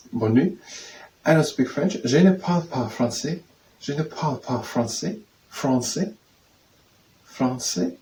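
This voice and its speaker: A man reading aloud from a study text and practicing phrases, slow and hesitant, repeating words to get them right. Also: medium pitch, a little mellow. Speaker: self-study video host. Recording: roomy echo from a distant mic with faint noise.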